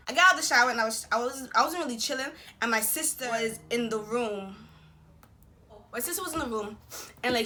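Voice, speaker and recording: Bright-voiced young woman telling a story. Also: fairly high pitch. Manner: slangy, animated retelling with quoted voices. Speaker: vlogger. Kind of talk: casual storytime.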